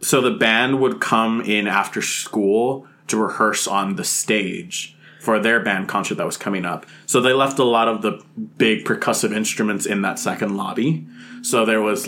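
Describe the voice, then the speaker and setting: A man telling a lively spooky story. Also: lowish voice. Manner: animated, laughing, swears freely. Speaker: guest storyteller. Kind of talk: casual podcast anecdote.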